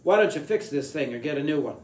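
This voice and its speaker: A big, husky city man who sneers at everyone, as a storyteller puts him on. His words come out curt, rude and mocking, slightly high for a man. The reading sounds roomy, with a faint hiss behind it. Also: expressive, fast, darkish tone, lightly acted. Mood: sneering.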